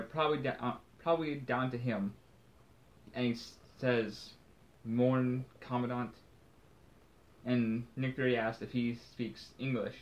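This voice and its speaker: A man's voice: mid-range voice, dull audio. Man casually recapping a comic. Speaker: podcast co-host.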